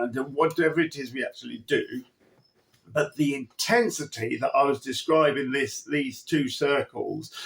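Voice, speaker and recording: A man who trains horses, giving an emphatic, chatty riding lesson and acting out his cues to the horse. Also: mid-range voice. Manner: chatty, with restarts and asides. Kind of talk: instructional talk.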